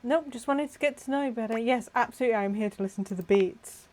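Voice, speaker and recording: A woman playing a dating video game, joking with a dry, deadpan delivery. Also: a little high, quick pace, slight background noise. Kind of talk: casual game commentary.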